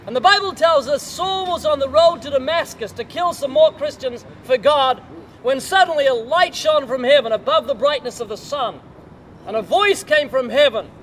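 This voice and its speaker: Older man, preacher, very high-pitched, storytelling sermon, rhetorical questions, faint street noise outdoors. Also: expressive, moderate pace.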